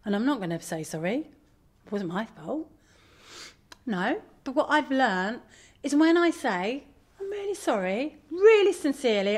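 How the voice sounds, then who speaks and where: A middle-aged woman giving a candid, animated talk to an audience as a parent. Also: a little high. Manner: animated, candid, self-deprecating. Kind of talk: live presentation to an audience.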